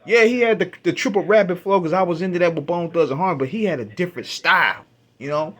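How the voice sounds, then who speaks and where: A man hosting a radio show, casually retelling his first listen to an album, with an animated, profane, laughing delivery. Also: high voice, fast talker. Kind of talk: casual storytelling album review.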